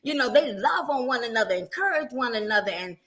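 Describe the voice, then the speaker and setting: Bright-voiced middle-aged woman evangelist. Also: fairly high pitch, brisk. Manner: animated storytelling, acting out everyday quotes. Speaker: guest evangelist. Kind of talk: casual faith testimony.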